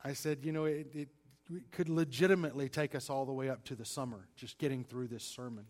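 A man preaching a sermon, stressing single words and swinging between loud and quiet delivery. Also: medium pitch, steady tone, brisk. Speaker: pastor.

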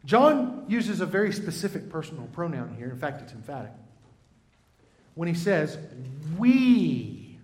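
A man preaches a sermon in a high, lifted voice. He talks in a conversational way and keeps turning to the congregation with questions and asides. The sound carries a roomy echo. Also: big pitch swings, normal speed. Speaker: pastor.

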